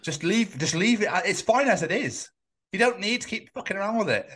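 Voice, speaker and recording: Casting note: English male podcast host, animated sweary banter, lively swinging pitch. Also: fairly quick. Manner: sweary, jokey, rambling. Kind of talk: casual chat.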